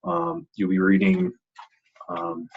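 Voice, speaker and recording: Heard on a dull lo-fi recording, a man teaching a course introduces the week's reading in his weekly lecture intro. He speaks slowly in a low, creaky, slightly rough voice whose pitch swoops wildly, and he hesitates throughout with ums, fillers and restarts.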